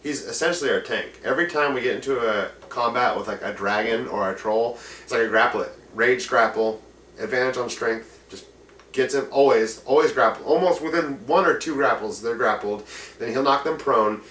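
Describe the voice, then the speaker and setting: A male game master gives tabletop game tips in a casual instructional talk, rambling enthusiastically with lots of fillers. His voice is mid-range and fairly bright at a moderate pace, captured in an echoey room by a distant mic with faint noise.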